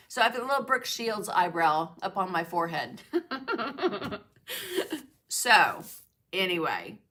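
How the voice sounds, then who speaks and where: A middle-aged woman chats on a casual livestream, greeting viewers by name and laughing easily. Her voice is bright and clear at a medium pitch. It is picked up by a webcam microphone in her home studio. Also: lively intonation, takes it slowly. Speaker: art journaling livestream host.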